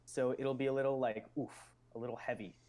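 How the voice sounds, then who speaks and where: A man's voice: mid-range voice, level tone, fast talker, a little mellow. A man hosting a live stream, explaining ideas in casual chat and musing aloud with loose fillers.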